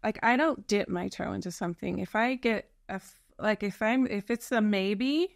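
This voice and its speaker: A woman's voice: medium pitch, moderate pace, vocal fry, no room sound, studio quality. A woman telling her personal story in a candid conversation, earnest and reflective, often restarting her sentences. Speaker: birth mother guest.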